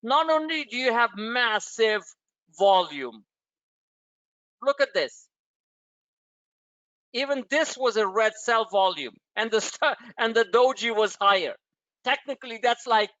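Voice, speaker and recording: A man's voice: very high-pitched, lively intonation, measured pace, pushed and bright, no echo, dull audio. A man hosting a stock trading webinar, talking bluntly and emphatically, swearing and repeating himself for effect. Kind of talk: live trading webinar rant.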